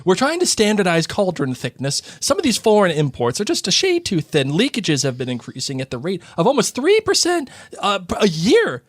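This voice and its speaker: A man with a Boston accent voicing a smug, self-important young male wizard clerk in a higher, louder voice while reading a novel aloud. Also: wildly swooping pitch, fairly quick, dry recording, clean studio sound, exaggerated voice. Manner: smug, lecturing, raised voice.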